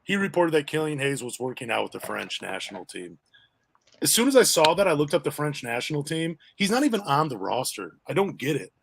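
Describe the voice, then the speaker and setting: A man with a fairly high voice and a gravelly rasp hosts a casual sports podcast. He talks in a chatty, easygoing way and keeps tossing questions to his co-host. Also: sing-song, brisk, fairly bright tone, a little hiss or hum. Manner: chatty, asks questions, self-deprecating.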